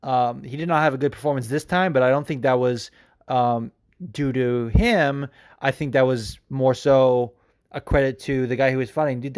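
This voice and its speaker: A man hosting a podcast, answering listener questions in a rambling, profane, enthusiastic way. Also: medium pitch. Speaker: podcast host. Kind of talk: casual chat.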